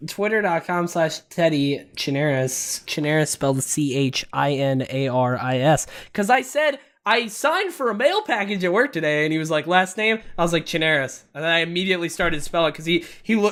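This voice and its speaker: A man's voice: a little high, fairly quick, hardly any pauses. A man talking as a podcast guest in casual chat, telling stories and cracking jokes. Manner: animated, joking storyteller.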